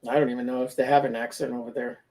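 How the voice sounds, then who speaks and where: A man's voice: mid-range voice, little pitch movement, rapid-fire, darkish tone. A man hosting a casual chat, loose and laid-back, swearing casually. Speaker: podcast host.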